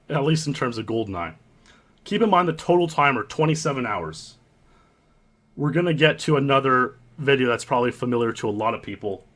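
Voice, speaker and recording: A young man hosting and narrating his own story in an earnest, halting way, often restarting his sentences. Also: mid-range voice, a bit bright. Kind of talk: reflective storytelling commentary.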